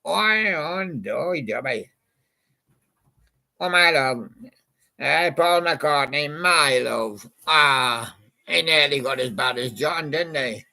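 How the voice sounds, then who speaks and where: A man's voice: a little high, expressive, slow, vocal fry, sharp tone. A man in a rambling, casual monologue, reminiscing about old songs and chatting to a toy badger. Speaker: channel host.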